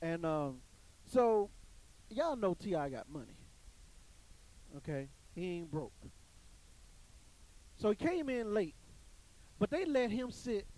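A man's voice: sits high, warm tone, poor audio. A man telling a story to an audience in an emphatic, preachy way, often repeating his phrases. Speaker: commentator on church life.

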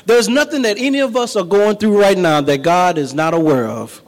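A man preaching a sermon, turning his talk to the congregation and building up to shouting. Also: high-pitched, normal speed, long reverb tail, low-quality recording.

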